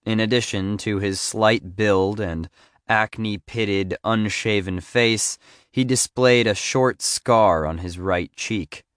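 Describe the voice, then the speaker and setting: A man narrating a first-person story in a measured, even audiobook reading. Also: on the low side, smooth, no room sound, clean studio sound.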